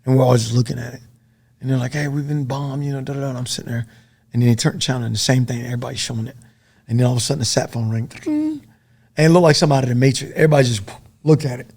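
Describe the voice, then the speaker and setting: A middle-aged man and former soldier, a podcast guest telling stories in a casual, profane, animated way. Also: medium pitch, very fast, gravelly, slightly rough. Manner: profane, animated storytelling full of dude and man.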